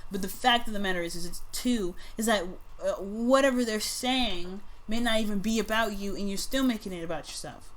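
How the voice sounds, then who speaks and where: A woman in the middle of a casual tarot reading, talking straight to the people watching. She speaks bluntly and swears freely. Her pitch sits in the middle, and she moves between quiet, thoughtful stretches and sudden loud bursts. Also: a little fast, hardly any pauses, a little hiss or hum. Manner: lively, jumps between soft musing and loud outbursts. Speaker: tarot reader.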